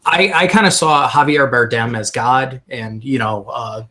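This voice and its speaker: A man's voice: mid-range voice, unhurried, sharp tone, faint music behind. A man talking casually as a guest on a film review livestream, thoughtful and full of hesitant fillers.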